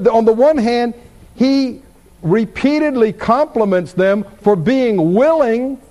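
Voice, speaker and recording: A man preaching a sermon, teaching in an unhurried, expressive way and asking his listeners rhetorical questions. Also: sits high.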